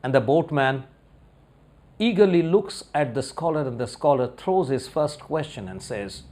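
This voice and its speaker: A man's voice: on the high side, very animated, measured pace, darkish tone. A man giving a motivational talk, telling a story and putting rhetorical questions to his audience. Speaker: motivational speaker.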